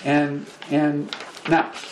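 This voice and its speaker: A man giving an informal spiritual lecture to a small group, speaking gently and repeating words, growing animated when he acts out examples. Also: fairly high pitch, slow pace, noisy background. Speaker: spiritual teacher.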